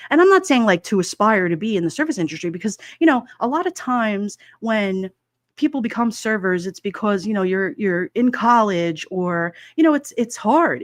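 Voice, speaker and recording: A woman in her forties talking in a loose, rambling way, packing her sentences with fillers and little laughs. Her voice sits at a middling pitch and sounds close and dry, with no room around it. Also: no echo. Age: 40s. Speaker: livestream host. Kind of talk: casual chat.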